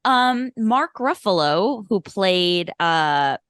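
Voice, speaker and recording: A woman's voice: medium pitch, expressive, drawn-out words, fairly bright tone, clear, resonant tone, no room sound, studio quality. A young woman from Long Island co-hosting a movie podcast, chatty and full of fillers. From Long Island, New York. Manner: chatty, lots of fillers and laughs. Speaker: podcast co-host. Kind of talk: casual chat.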